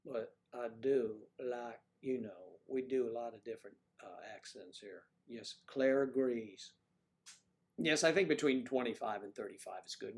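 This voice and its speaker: A man hosting a casual livestream who rambles in a folksy way and answers viewer comments. He is from the Mid-Atlantic United States and speaks with no marked accent. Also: medium pitch. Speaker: livestream host.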